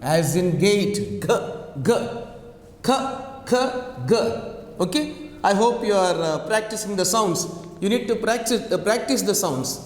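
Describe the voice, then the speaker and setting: A man with an Indian accent teaching English pronunciation, repeating each sound and checking in with his students with many fillers. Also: high-pitched. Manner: repetitive, drills sounds slowly, frequent fillers and check questions. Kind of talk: online lesson. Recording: echoey room, long reverb.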